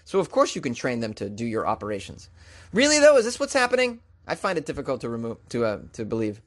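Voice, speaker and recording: A podcast host with a medium-pitched, wildly swooping voice reads odd news stories aloud at a fast pace. He keeps interrupting with sarcastic, incredulous asides in a casual, comedic commentary style.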